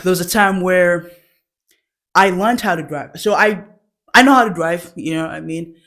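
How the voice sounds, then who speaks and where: A woman's voice: fairly low pitch, normal speed. Brief: young woman, stand-up comic, chatty storytelling broken by frequent laughter. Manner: laughs often mid-sentence, animated acted quotes. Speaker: stand-up comedian.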